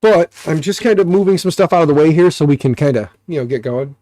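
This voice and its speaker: A man's voice: on the high side, animated, fast talker, mellow, no echo, clean studio sound. A man with an American accent and a stuffy, nasal voice, hosting a casual live stream and rambling with jokes and fillers. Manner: rambling, joking, many fillers. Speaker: livestream host.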